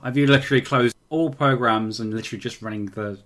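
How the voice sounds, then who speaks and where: A man's voice: mid-range voice, fast, fairly bright tone. A man co-hosting a casual podcast, a little tipsy and giggly as he chats. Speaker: podcast co-host. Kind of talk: casual chat.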